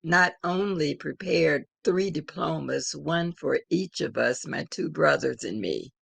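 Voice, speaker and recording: An older woman telling a personal story in an interview, in a measured, reflective way. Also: low-pitched, animated, creaky, husky, no room sound. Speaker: interviewed elder.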